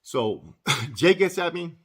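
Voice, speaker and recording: Husky-voiced man, blunt and profane, casual storyteller. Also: fairly high pitch, animated, slow, a bit bright. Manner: profane, blunt street talk. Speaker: former inmate telling his story.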